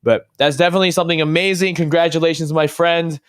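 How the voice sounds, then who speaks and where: Easygoing man, slightly high voice. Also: steady tone, fast talker, smooth. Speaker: podcast co-host. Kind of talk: casual chat.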